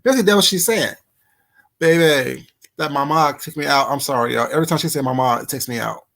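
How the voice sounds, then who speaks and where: Bright, animated commentator calling everyone baby. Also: medium pitch, rapid-fire, gravelly. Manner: animated, calls listeners baby and honey. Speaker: reaction commentator. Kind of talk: casual commentary.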